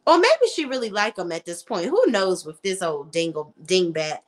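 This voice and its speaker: Woman show reviewer, casual recap, blunt and slangy, middle pitch. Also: big pitch swings, normal speed.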